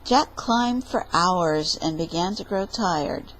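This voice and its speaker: A woman reading a story aloud at storytime in a playful, expressive way. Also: on the low side, slow, a little hiss or hum, rough recording. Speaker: library storyteller.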